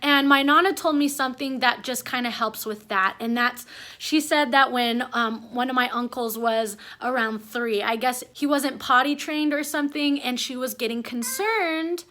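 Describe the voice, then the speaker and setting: A woman's voice: high voice, normal speed, pushed and bright. A young woman, a first-time mom, chatting to the camera at home in a rambling, emotional, heartfelt way. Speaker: mom vlogger. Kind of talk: casual chat to camera. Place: at home with her baby.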